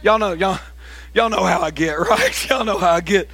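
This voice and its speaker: Man, pastor, sermon, high voice, dry sound. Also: moderate pace, creaky, husky, no echo. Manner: animated storytelling, bursts into shouted preaching; casual, folksy with "man" and "y'all".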